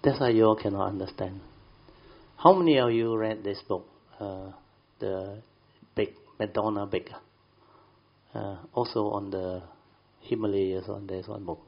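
A man's voice: lowish voice, fairly even intonation, measured pace, vocal fry, pauses often, lo-fi sound. A man telling a rambling story to a group, with many fillers and colloquial grammar. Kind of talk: casual storytelling.

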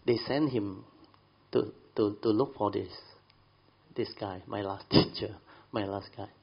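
Gravelly man. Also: lowish voice, steady tone, a little slow, dull audio. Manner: rambling, frequent fillers and laughs, colloquial grammar. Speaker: speaker telling a story to a group. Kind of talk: casual storytelling.

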